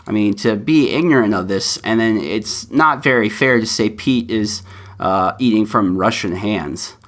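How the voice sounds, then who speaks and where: A man's voice: on the low side, measured pace. A man hosting a solo podcast, talking earnestly and pleading with listeners, with plenty of fillers along the way. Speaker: podcast host.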